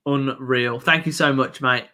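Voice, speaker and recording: A man's voice: mid-range voice, measured pace. Brummie man cheering a football stream. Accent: Birmingham. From Birmingham, England. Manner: excitable, cheers the team on and laughs often. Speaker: host of a football live stream reaction. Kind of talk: casual live match commentary and chat.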